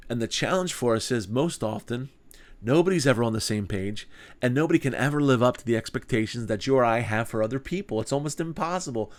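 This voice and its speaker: Earnest man teaching a Bible study. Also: mid-range voice. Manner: earnest, conversational, with rhetorical questions.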